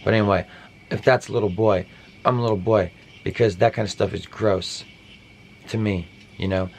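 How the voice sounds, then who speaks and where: A man's voice: on the low side, fairly even intonation, normal speed, a little hiss or hum. A man hosting a parody podcast, rambling through a satirical monologue with offhand, mock-conspiratorial asides.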